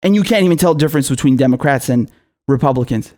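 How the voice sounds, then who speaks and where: A man's voice: fairly high pitch, animated, racing, darkish tone. Furious profane man ranting. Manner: furious, profane, sarcastic, repeats himself; mocking mimicry in asides. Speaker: political commentator. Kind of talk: angry political rant to camera.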